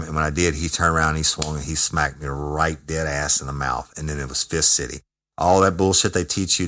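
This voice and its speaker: A man with an extremely low, deep voice tells a story casually. He talks in a blunt, profane, emphatic way, punching out words as he goes. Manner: profane, emphatic, animated retelling. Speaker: former correctional officer telling a story.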